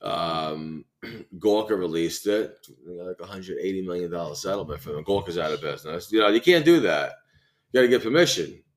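Low-voiced man in crude podcast banter. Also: animated, a little fast. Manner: profane, rambling storyteller who acts out quotes. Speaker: podcast co-host.

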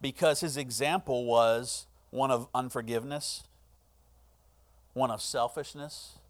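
A middle-aged male pastor delivering a sermon, swinging between hushed, earnest lines and loud, impassioned ones. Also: medium pitch, measured pace.

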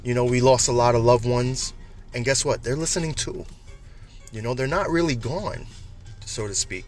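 A man's voice: medium pitch, normal speed, faint music behind. A man hosting a casual, uplifting message for his listeners, chatty and repetitive, often laughing at his own jokes. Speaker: podcast host.

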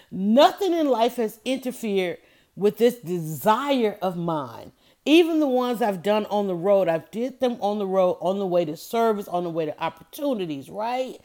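Woman podcast host preaching to listeners. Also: a little high. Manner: lively storytelling, addresses listeners as y'all and honey; preachy, repeats key phrases. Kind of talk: motivational podcast talk.

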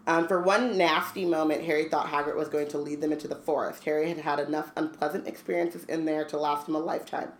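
A woman's voice: sits low, fairly even intonation, fast talker, few pauses, slight background noise. A woman co-hosting a podcast, reading a book aloud and chatting with lots of laughs. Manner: chatty, laughs often, fillers. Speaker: podcast co-host. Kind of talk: casual chat and reading aloud.

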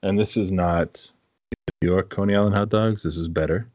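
A man's voice: deep voice, fairly even intonation, normal speed, darkish tone, no echo, muffled recording. A man with a New England accent, co-hosting a casual podcast chat in a blunt, teasing way and swearing freely. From Massachusetts, New England. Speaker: podcast co-host.

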